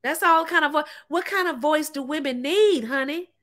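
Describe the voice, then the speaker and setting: A woman's voice: sits high, moderate pace, a bit bright. A woman, talking to camera in a sassy, emphatic way, laughing often and calling viewers ladies and honey. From United States. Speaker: relationship advice vlogger. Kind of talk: casual talk to camera.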